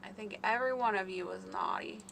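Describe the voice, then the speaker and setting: A woman's voice: medium pitch, wildly swooping pitch, a little fast, creaky, a bit bright, a little hiss or hum. A woman hosting a casual live stream, rambling and chatting with her viewers by name. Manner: chatty, rambling, talks to chat readers by name.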